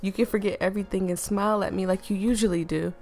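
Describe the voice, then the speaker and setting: A woman voicing a possessive, protective young man in a story game, reading him in a firm, measured way. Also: medium pitch, fairly even intonation, darkish tone, faint music behind, natural voice.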